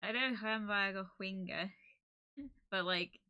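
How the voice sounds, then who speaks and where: A woman's voice: mid-range voice, steady tone, a little slow, sharp tone, clean tone, highs cut off. A woman with a Cornish accent, chatting casually on a gaming live stream, giggling often and rambling.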